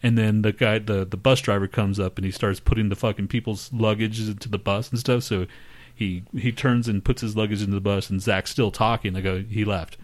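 Lowish-voiced man telling a crude story. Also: steady tone, brisk. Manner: profane, laughing, mimics others in high voices. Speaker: podcast co-host. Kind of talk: casual storytelling chat.

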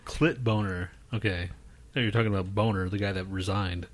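A man with a lowish voice hosts a podcast in loose, crude banter. He rambles, swears freely and laughs at his own jokes. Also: fairly even intonation, fairly quick. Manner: profane, rambling, laughs often. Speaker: podcast co-host.

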